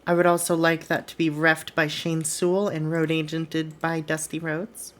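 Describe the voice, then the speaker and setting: A woman streamer chats casually as she plays a wrestling booking game. Her voice sits low, and she swears offhandedly. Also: completely flat delivery, normal speed.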